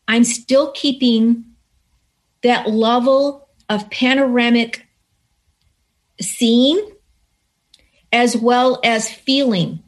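Woman guest, somewhat high-pitched, earnest and animated as she tells her story. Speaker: interview guest. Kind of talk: personal story told in conversation.

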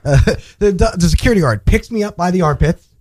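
A man's voice: sits high, expressive, fairly quick, a little mellow, no room sound. A man telling a childhood story on a comedy podcast, hesitant and chuckling, with lots of fillers.

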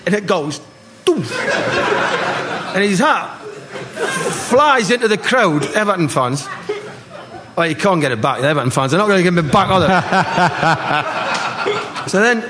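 A man, telling lively football stories to a live audience and acting out the voices. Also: sits high, normal speed, pauses often, a crowd in the background. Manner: animated anecdotes, acting out voices, laughing. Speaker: guest, former footballer. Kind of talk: live storytelling on stage. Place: live party event. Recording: noisy live room.

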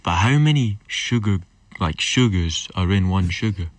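A man's voice: low voice, lively intonation, moderate pace, no room sound. A man with a Scottish accent leaving a rambling, casual voice message, musing aloud and teasing. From Scotland. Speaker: listener sending a voice message.

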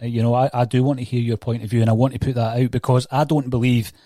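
A man hosting a podcast interview, earnest and halting as he frames his questions. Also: mid-range voice, little pitch movement, dark tone, no room sound, clean studio sound. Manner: earnest, halting, with fillers and restarts. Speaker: podcast host.

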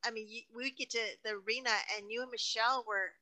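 A woman hosting a podcast interview, talking in effusive, animated bursts. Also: on the high side, fast, low-quality recording. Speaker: podcast host. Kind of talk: casual interview chat.

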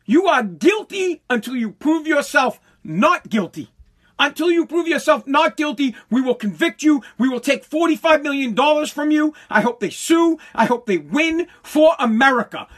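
A man with a high, strained voice ranting angrily about politics. He swears freely and trips over his own words as he gets worked up, sometimes breaking into shouts. The delivery is loose and fired-up rather than scripted. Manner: heated, profane, bursts into shouting; stumbling restarts when worked up. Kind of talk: angry political rant.

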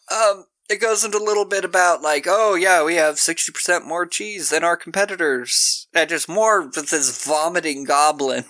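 Bright-voiced man recapping a film. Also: sits high, dry recording. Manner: animated, laughing storyteller. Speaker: podcast co-host. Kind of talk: casual film discussion.

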